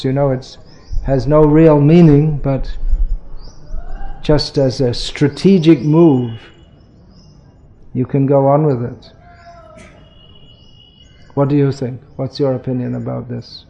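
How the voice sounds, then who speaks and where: Measured man with a mellow voice. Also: medium pitch, steady tone, highs cut off. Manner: measured, explanatory, many restarts. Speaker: spiritual teacher answering questions. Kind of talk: question and answer talk.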